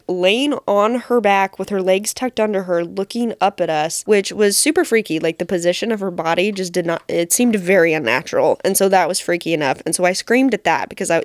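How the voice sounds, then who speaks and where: A woman's voice: medium pitch, no echo, clean studio sound. A young woman hosting a podcast, telling a story in a chatty, self-deprecating way and laughing often. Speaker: podcast host. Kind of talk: casual solo podcast storytelling.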